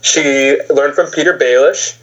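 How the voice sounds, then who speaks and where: Man, podcast co-host, analytical, a bit high-pitched, lo-fi muffled sound. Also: unhurried, a bit bright. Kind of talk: casual TV recap chat.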